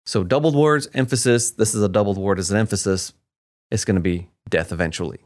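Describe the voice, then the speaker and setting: A man co-hosting a Bible discussion, explaining word meanings with emphatic, animated delivery and playful asides. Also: on the low side, fairly quick. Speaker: co-host of a Bible teaching show.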